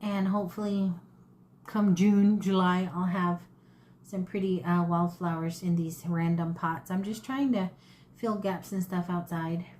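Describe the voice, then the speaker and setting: A woman's voice: lowish voice, fairly even intonation, unhurried, darkish tone, a little hiss or hum. A woman, chatting casually and rambling in a folksy way as she shows off her thrift finds. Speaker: thrift haul vlogger. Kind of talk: casual chat to camera.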